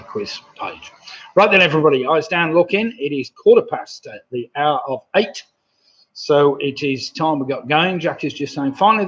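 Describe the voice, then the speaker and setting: A man in his sixties from England hosting a live-streamed pub quiz, chatty and reading out viewers' messages with a laugh. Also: medium pitch. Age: 60s. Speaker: quiz host. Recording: dull lo-fi home stream audio.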